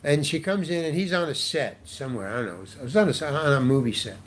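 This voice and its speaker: A man's voice: fairly high pitch, lively intonation, fast talker, a little hiss or hum. An older man, a guest actor, telling a long anecdote in a rambling way, restarting and repeating words as he goes. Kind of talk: anecdotal storytelling in an interview.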